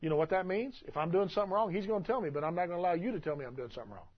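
A man preaching a sermon as pastor, emphatic and swinging between loud and soft delivery. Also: high-pitched, expressive, racing, husky, highs cut off.

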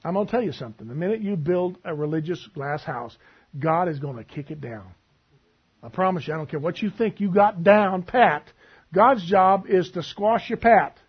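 A man preaching a sermon, telling stories and acting out both sides of a conversation in a husky voice. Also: high voice, moderate pace, dull audio.

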